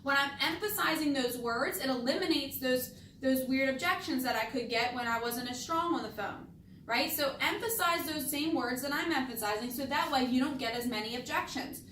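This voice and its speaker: A high-voiced woman coaching salespeople, rolling through phone scripts and leaning hard on the words she wants heard. She sounds a little distant from the mic, in an echoey room. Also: moderate pace, fairly bright tone, a little hiss or hum. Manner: emphatic, stresses key words on purpose. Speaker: insurance sales trainer. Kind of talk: training talk with demonstrated phone scripts.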